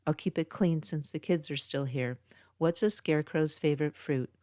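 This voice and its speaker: A woman's voice: low-pitched, moderate pace, darkish tone, no echo, studio quality, close to an everyday voice. A woman voicing a playful, joke-telling woman on stage. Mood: teasing. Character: upbeat joking woman on stage.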